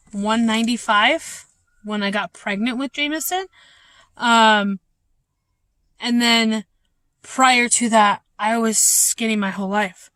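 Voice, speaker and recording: A young woman speaks candidly to her camera at home, halting often with fillers. Her voice sits a bit high, and the sound is dry and close. A lingering cough and slight breathlessness color her talk. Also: a bit bright, no echo. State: ongoing cough, short of breath. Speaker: vlogger. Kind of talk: casual personal update.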